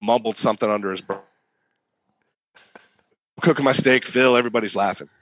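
A man's voice: medium pitch, a little fast, dry recording. A young man, a competition barbecue cook, casually telling a story and acting out the voices in it. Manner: animated, acts out voices.

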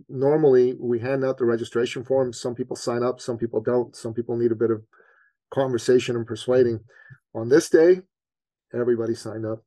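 Guy on a podcast telling a story, earnest, gets animated, super dry close sound. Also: medium pitch, vocal fry, dry recording. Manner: animated storyteller, acts out his own panic; earnest, faith-minded. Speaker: business coach guest.

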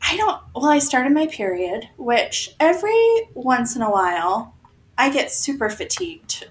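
A woman's voice: sits high, big pitch swings, a little slow, a little hiss or hum, poor audio. A woman in her forties chatting casually from her bedroom floor into a microphone, laughing often and poking fun at herself. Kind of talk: casual chat. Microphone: desk microphone.

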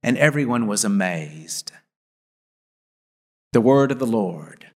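Pastor preaching in a reverberant church. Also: male voice, lowish voice, animated, slow. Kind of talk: sermon with scripture reading. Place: church sanctuary.

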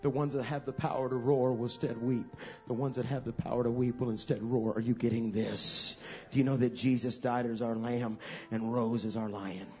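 A male preacher giving a sermon, swinging from hushed passages to loud, fervent ones. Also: medium pitch, flat delivery, moderate pace, dull audio, soft background music.

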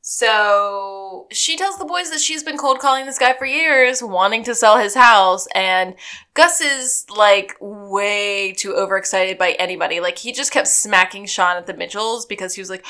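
A woman's voice: medium pitch, moderate pace. A woman co-hosting a podcast, chatting casually as she recaps an episode and acts out the characters' lines. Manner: animated retelling with quoted voices. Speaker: podcast co-host.

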